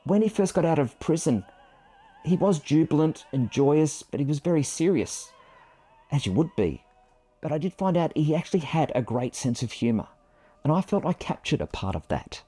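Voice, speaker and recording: Man in his fifties telling a story to camera, reflective and self-deprecating, mellow voice, faint music behind. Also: on the high side, sing-song, normal speed, husky.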